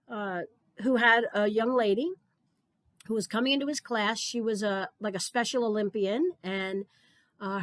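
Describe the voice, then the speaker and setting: A woman's voice: fairly high pitch, no room sound. A middle-aged woman giving an earnest conference keynote, telling stories and often repeating words as she starts a thought. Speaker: keynote speaker.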